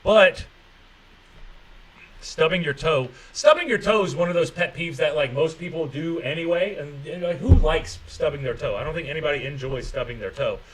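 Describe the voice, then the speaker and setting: The man hosting this casual livestream has a fairly high, fairly bright voice with lively intonation at a moderate pace; the recording is rough with slight background noise. Profane and sarcastic, he rambles, reads viewer comments aloud, and mocks others' excuses in put-on voices.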